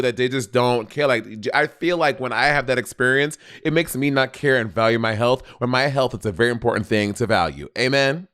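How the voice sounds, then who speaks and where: A man in his thirties co-hosting a podcast, reading sponsor ads in a chatty, lively way. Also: mid-range voice, clear, resonant tone. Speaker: podcast co-host. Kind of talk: casual podcast ad read.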